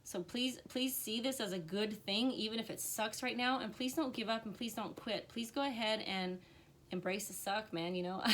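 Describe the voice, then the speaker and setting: A woman in a live-streamed tarot reading, talking to her viewers with earnest encouragement. Her voice sits in an ordinary middle range, and her heartfelt, emotional delivery gives the reading its warmth. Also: medium pitch, normal speed. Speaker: tarot reader.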